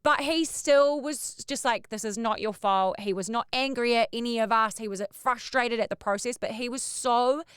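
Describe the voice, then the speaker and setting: A woman, hosting a podcast and telling a story in a casual, animated way, acting out the voices she quotes. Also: on the high side, moderate pace, few pauses, clean tone, no room sound, studio quality. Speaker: podcast host.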